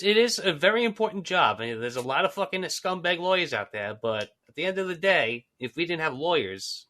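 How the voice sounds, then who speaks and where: Podcast cohost guy, high bright voice, jumps all over, rants and swears. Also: a little fast, few pauses. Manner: animated, swearing, opinionated rants. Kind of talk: casual chat.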